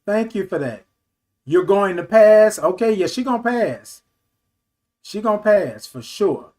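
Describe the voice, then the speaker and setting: His voice high and his pace unhurried, a man in his fifties works through viewer comments on his casual livestream talk show. He reads each aloud and answers with lively affection, using "baby" and "y'all."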